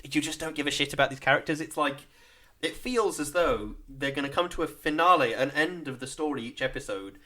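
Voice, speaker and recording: A man's voice: on the high side, brisk, pushed and bright. A young man, chatting casually as a podcast co-host, rambling and wry, often trailing off into a mumble. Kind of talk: casual chat.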